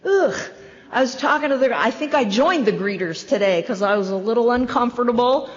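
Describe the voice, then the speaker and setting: A woman in her fifties or older shares her recovery story from a podium, her voice sitting a bit high. She tells it with wry, self-deprecating asides. The long reverb of a large hall trails her words on a dull recording. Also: fairly quick. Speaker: convention opening speaker. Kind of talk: recovery meeting speaker share. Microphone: podium microphone.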